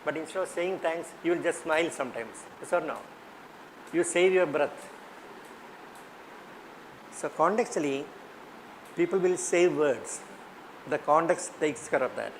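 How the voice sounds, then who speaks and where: A man's voice: a little high, measured pace, pauses often, slight background noise, rough recording. Indian English man teaching a workshop. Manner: questioning, repeats points to the class. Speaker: teacher trainer.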